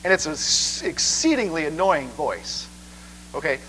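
A man preaching a sermon in an animated way, often checking in with listeners. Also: fairly high pitch, a little slow, slight background noise, poor audio. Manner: animated, asks the crowd 'okay?' a lot.

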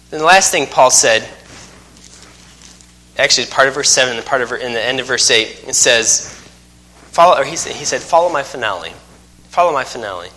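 A man's voice: mid-range voice, bright, forceful tone. A man in his thirties preaching a sermon, telling folksy stories with self-mocking humor. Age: 30s. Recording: long hall reverb.

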